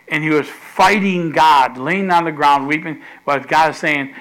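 A middle-aged male pastor preaching a sermon, animated, repeating phrases and loudly acting out the quotes he tells. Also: on the high side, measured pace, few pauses, rough recording.

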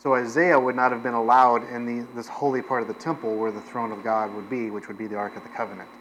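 A man's voice: medium pitch, little pitch movement, quick pace, a bit bright, a little hiss or hum, rough recording. A man preaching a sermon as pastor, in a conversational way with frequent fillers, restarts and self-deprecating asides.

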